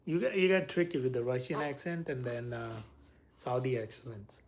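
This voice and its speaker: A man's voice: medium pitch, normal speed. Rambling, chatty man on a live stream. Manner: rambling, chatty, talks straight to viewers. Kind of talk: casual live-stream chat.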